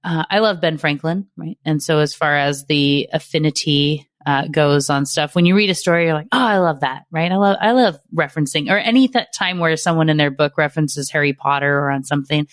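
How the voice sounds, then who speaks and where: A woman's voice: sits low, brisk, hardly any pauses, no echo, studio quality. A woman hosting a podcast interview, chatting and thinking aloud with plenty of fillers. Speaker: podcast host.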